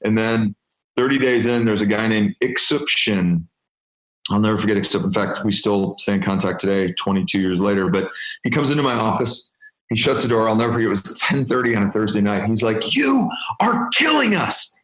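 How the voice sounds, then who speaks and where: A man in his fifties, a guest in an interview, telling stories in an animated way and acting out quoted dialogue. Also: fairly low pitch, a little fast. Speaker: interview guest, business executive. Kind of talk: storytelling interview. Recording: roomy echo.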